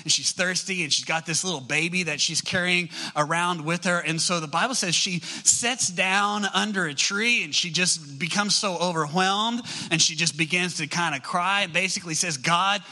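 Bright, high-voiced pastor preaching. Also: male voice. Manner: storytelling, rises high and fast when excited. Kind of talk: sermon.

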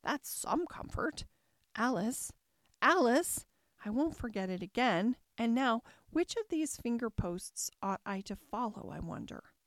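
Chatty curious little girl musing out loud, a woman doing her, dry close sound. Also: a little high, measured pace, no room sound. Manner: musing aloud to herself, lively and wondering. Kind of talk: storybook reading.

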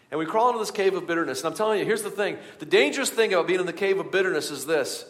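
A man's voice: sits high, animated, very fast, hardly any pauses. Preaching man with long hall reverb. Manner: swings from hushed to loud and urgent. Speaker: pastor. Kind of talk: sermon. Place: church sanctuary.

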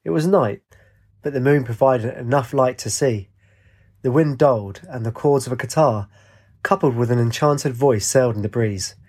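A man reading a fantasy story aloud in a steady, descriptive storybook narration. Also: mid-range voice, normal speed, slightly rough.

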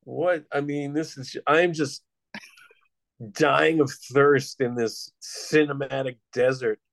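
A man's voice: mid-range voice, steady tone, slow pace, vocal fry, no echo. A man hosting a casual film-review chat, blunt and sardonic, with some swearing. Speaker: podcast host, film reviewer.

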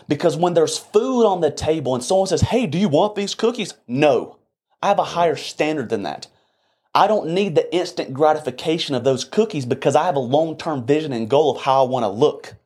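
Husky, fiery man preaching bluntly. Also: fairly high pitch, darkish tone. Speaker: podcast co-host. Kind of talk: heated motivational rant.

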